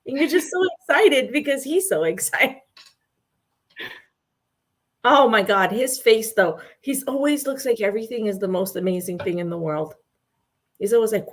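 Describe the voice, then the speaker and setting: A woman co-hosting a casual chat, telling stories in a gushing, animated way and laughing often. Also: on the high side, measured pace, long pauses. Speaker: co-host.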